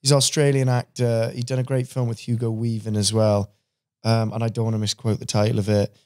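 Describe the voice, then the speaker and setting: A man's voice: on the low side, level tone, a little fast, darkish tone. Chatty man telling anecdotes. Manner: storytelling, acts out other people's lines, swears casually. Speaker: podcast guest, voice actor. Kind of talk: casual chat.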